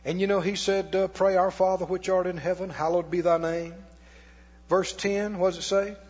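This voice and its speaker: A man's voice: high-pitched, level tone, normal speed, darkish tone, husky. A man preaching a sermon as pastor in a church, with folksy turns of phrase and call-and-response with the congregation. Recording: dull lo-fi with long hall reverb.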